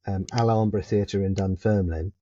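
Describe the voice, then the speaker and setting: A mellow, warm-toned Englishman speaks with a crisp RP accent, spinning theatre anecdotes for a podcast host. He brings his stories to life by slipping into other people's voices. The sound is slightly muffled and lo-fi. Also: sits low, normal speed. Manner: lively storyteller who acts out other people's voices. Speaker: podcast guest, theatre performer. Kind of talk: anecdotal storytelling in conversation.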